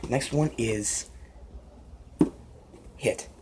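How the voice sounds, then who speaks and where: A man's voice: medium pitch, drawn-out words, very noisy. A man vlogging casually as he reads book passages aloud, giggling and joking between lines. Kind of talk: casual reading-aloud vlog.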